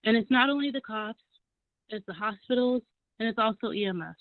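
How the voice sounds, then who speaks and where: A young woman in her twenties calls in over a tinny, dry phone line. Her voice sits a bit high. She explains her point earnestly and at length. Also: animated, brisk, dry recording. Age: 20s. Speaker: caller. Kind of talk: phone-in commentary.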